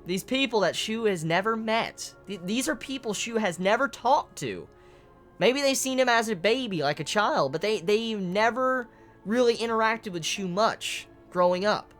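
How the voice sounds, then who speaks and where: A manga reviewer giving a casual, emotional spoken chapter analysis, excitable and swearing often. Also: medium pitch, normal speed, soft background music.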